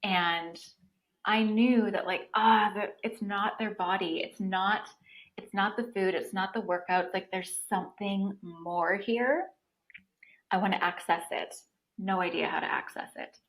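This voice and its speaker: A woman in her thirties speaks as a podcast guest, telling her story in a casual, animated way. She leans heavily on "like" as a filler. Her voice sits at a middle pitch for a woman. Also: a little slow, low-quality recording. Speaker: podcast guest, breathwork facilitator.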